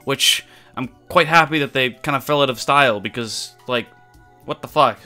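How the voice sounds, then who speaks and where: A man narrates a scripted video with a clean, crisp voice. His delivery is wry and offhand, with casual asides and the occasional swear word played for laughs. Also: medium pitch, moderate pace, bright, forceful tone, faint music behind. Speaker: YouTube iceberg explainer.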